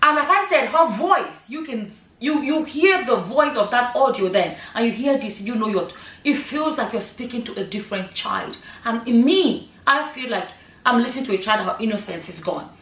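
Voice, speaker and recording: A middle-aged woman talks straight to her viewers in an emphatic, conversational way, leaning on rhetorical questions. Her voice sits a little high for a woman. It sounds roomy and echoey, picked up from a little way off the mic. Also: animated, moderate pace, a bit bright. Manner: emphatic, rhetorical questions, many "you know" asides. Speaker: vlogger. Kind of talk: casual commentary vlog. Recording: echoey room, voice a bit far from the mic.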